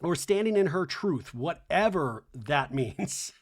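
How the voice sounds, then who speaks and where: A man's voice: on the high side, slow pace. A man with a stuffy nose hosting a podcast, sarcastically recapping a reality show with lots of swearing. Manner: animated, sarcastic, swears freely. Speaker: podcast host.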